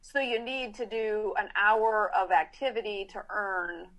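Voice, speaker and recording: A middle-aged woman horse trainer, a podcast guest, explaining training in casual, animated chat and acting out riders' thoughts in quick asides. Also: mid-range voice.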